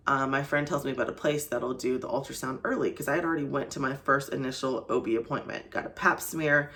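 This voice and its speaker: A woman's voice: very deep voice, creaky, a bit bright. A young woman vlogger telling a personal story to camera in a casual, chatty way, full of "like" and "you know". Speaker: faith vlogger.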